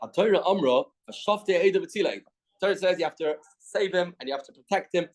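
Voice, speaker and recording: A man teaching a daily Talmud class. He reads Aramaic phrases and explains them in quick English, often repeating the key phrases. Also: sits high, low-quality recording. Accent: Canadian.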